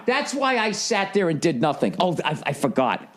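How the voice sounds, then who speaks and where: A man's voice: high voice, big pitch swings, normal speed. A man streaming live, telling a rambling, profanity-laden story in casual chat. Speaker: livestreamer.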